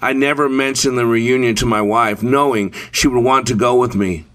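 A man telling a dramatic first-person story in a measured way, with deliberate pauses. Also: mid-range voice, fairly bright tone.

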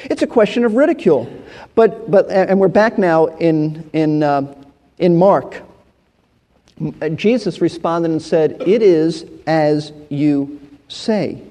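A man with a high, mellow voice teaches through scripture verse by verse, explaining each point and often doubling back on his words. His voice rings out with the long reverb of a large hall. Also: unhurried, long pauses. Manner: explanatory, repeats words and restarts phrases. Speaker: Bible teacher.

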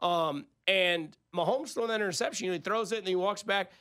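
Guy on a sports talk show, kinda high voice, really animated, acting out quotes as he makes his point. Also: brisk, clear, resonant tone. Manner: animated, builds arguments with analogies and acted-out quotes. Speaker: sports radio co-host.

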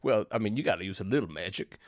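A man's voice: on the low side, expressive, rapid-fire, no echo, clean studio sound. Giggly rambling male comedy host. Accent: drifts into a Southern US accent. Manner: rambling, laughs often, slips into playful characters. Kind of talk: improvised comedy movie recap.

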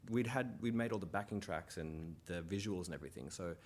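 A man with a New Zealand accent, a comedian chatting casually and telling animated stories. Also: low voice, brisk. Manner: animated storyteller, slips into quoted voices. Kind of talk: casual chat.

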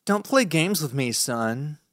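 A man's voice: on the high side, expressive, slow pace, fairly bright tone, no room sound, studio quality. A man narrating an audiobook, voicing a tipsy, stern middle-aged mother who slurs and scolds her son. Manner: slurring, scolding.

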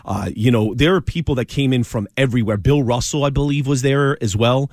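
Male sports talk co-host, emphatic and stammering, mid-pitched, dry close studio sound. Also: brisk, darkish tone, no room sound. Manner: emphatic, stammering restarts, opinionated. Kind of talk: sports talk radio banter.

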